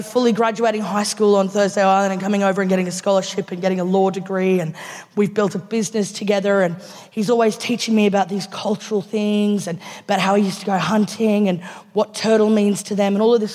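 A woman's voice: medium pitch, a little mellow. Australian woman doing stand-up in a theatre. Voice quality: laughs through lines, swears casually. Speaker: stand-up comedian. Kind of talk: live stand-up storytelling. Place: large theatre stage with a live audience. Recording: live theatre reverb, faint background noise.

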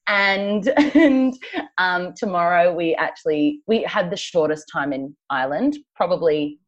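A woman's voice: on the low side, normal speed, muffled recording. A woman co-hosting a podcast in casual chat, rambling through travel stories and laughing often. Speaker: podcast co-host. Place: travelling, recording remotely.

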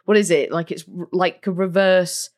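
A woman's voice: lowish voice, normal speed. Chatty woman podcast co-host, laughing often. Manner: laughs often, animated and incredulous. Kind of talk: casual film podcast chat.

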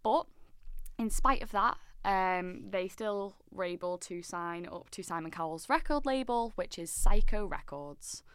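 A woman's voice: mid-range voice, lively intonation, unhurried, a bit bright, clean tone, no echo, studio quality. A woman co-hosting a podcast, chatting in a bubbly, giggly way. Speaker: podcast co-host. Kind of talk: casual chat.

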